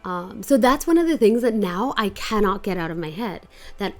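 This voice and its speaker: A woman's voice: animated, moderate pace, a little mellow, faint music behind. A young woman vlogging in a loose, candid casual chat, swearing freely and mimicking others. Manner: candid, loose, swears, quotes others in high mocking voices.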